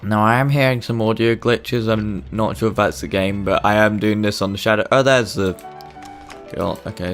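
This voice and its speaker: A young man with a lowish, gravelly voice talks through his gameplay in a chatty, self-mocking way. Faint game music sits under his commentary. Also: fairly bright tone. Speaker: gaming channel host. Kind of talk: let's-play commentary.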